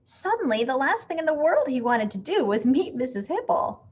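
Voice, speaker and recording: A woman reading a picture book aloud with expressive, animated storytelling. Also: high voice, normal speed, muffled recording, slight background noise.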